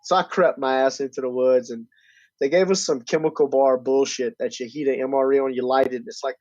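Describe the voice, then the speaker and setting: A man telling stories in casual, profane podcast chat, animated and loud on quoted lines. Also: mid-range voice, a little fast, dry recording. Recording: dull, dry lo-fi recording.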